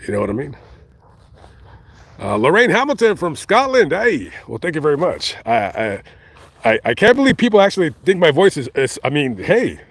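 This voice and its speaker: A man live-streaming outdoors in a cemetery, talking casually and reading viewer comments, with many halting restarts and fillers. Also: on the high side, wildly swooping pitch, husky. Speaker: vlogger reading live chat.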